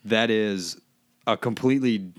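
A man's voice: lowish voice, unhurried, no room sound, clean studio sound. A man co-hosting a podcast, chatting casually in a joking, rambling way. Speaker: podcast co-host. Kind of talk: casual chat.

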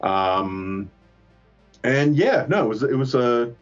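A man's voice: mid-range voice, animated, slow, muffled recording, soft background music. A man casually telling a long, rambling, profane story about his trip, poking fun at himself. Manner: rambling, profane, self-mocking. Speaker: podcast co-host.

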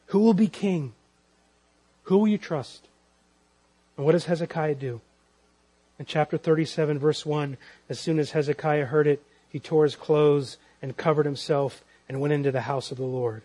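A man's voice: on the high side, moderate pace, darkish tone, breathy edge. A man preaching an expository sermon as pastor to a congregation, pressing his listeners with emphatic, repeated rhetorical questions.

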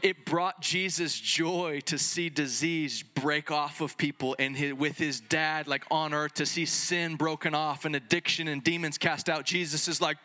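A man preaching with a bright, forceful tone and a slightly high voice. He talks in a loose, conversational way, full of "like" and quick restarts, and slips into playful little dialogues to make his point. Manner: excitable, conversational preaching with many fillers and restarts; acts out little dialogues between Jesus and the Father. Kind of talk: sermon.

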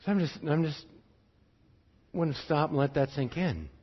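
A man preaching a sermon in an earnest way, switching between urgent bursts and quiet, drawn-out phrases. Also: fairly high pitch, breathy edge, lo-fi sound.

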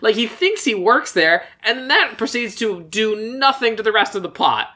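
A man's voice: sits high, moderate pace. A man hosting a podcast, animatedly recapping a movie in casual comedic chat. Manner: animated storytelling, frequent laughter. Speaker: podcast host.

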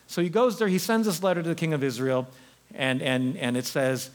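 A male pastor preaches a sermon with a high, lively voice that swings widely in pitch. He tells the story in a conversational, animated manner. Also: normal speed.

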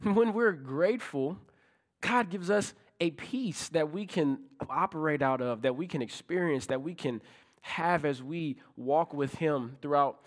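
Conversational preacher, man, fairly high voice. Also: a little slow. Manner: conversational, rhetorical questions, rising into emphatic peaks. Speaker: pastor. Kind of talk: sermon.

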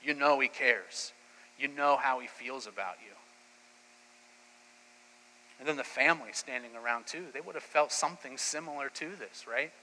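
A man preaching a sermon as a pastor, retelling scripture as lively, casual storytelling. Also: mid-range voice, normal speed, long pauses, long reverb tail, slight background noise, low-quality recording.

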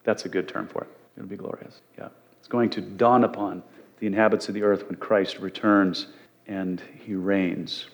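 A man's voice: low voice, steady tone, moderate pace. A man teaching from the Bible as a pastor, in a conversational way with frequent fillers and restarts.

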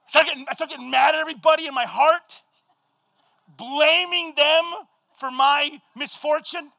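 A man with a very high voice preaches a sermon, swinging from quiet scripture reading into loud, animated storytelling. The sound is dry and close, with no room echo. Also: vocal fry. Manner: animated storytelling, shouting at peaks, quick asides. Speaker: pastor.

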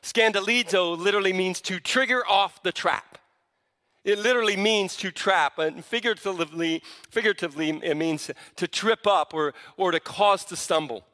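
Bright-voiced preaching man in a hall. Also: high voice, moderate pace. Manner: emphatic, often restarts words mid-phrase. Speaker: pastor. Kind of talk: sermon.

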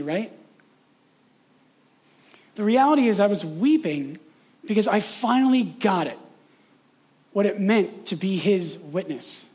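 A man preaching a sermon in a casual, conversational way, often tagging "right?" and slowing down for emphatic points. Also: sits high, big pitch swings, darkish tone. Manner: conversational, frequent "right?" tags, acts out imagined voices. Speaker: pastor.

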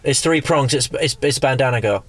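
A man co-hosting a podcast in casual chat, reacting with quick interjections and crude jokes. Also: mid-range voice, a bit bright. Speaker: podcast co-host.

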